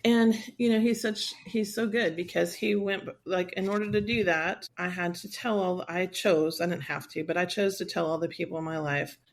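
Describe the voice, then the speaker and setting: A woman in her sixties, speaking in a podcast interview with a gravelly edge to her voice. She tells a personal story in a candid, rambling way. She slips into quick quoted voices of herself and others. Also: on the low side, fairly even intonation. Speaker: guest, survivor advocate.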